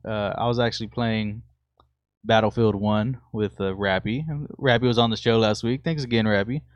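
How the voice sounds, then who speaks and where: A young man co-hosting a podcast, telling stories in a relaxed, casual chat and laughing easily. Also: lowish voice, normal speed, smooth, no room sound. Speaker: podcast co-host.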